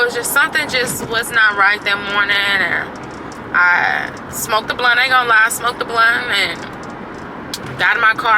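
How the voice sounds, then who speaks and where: A woman's voice: mid-range voice, background noise. A woman vlogging casually from her car, telling a personal story with candid, profane talk and a sore throat. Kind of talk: casual confessional vlog.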